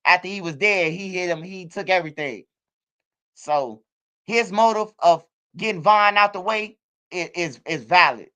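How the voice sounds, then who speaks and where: A middle-aged man riffs in casual streaming commentary. His voice sits high and sounds bright and smooth. He drifts loosely from point to point and keeps dropping in bro and man. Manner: loose, streetwise, repeats words like bro and man. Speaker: commentary channel host.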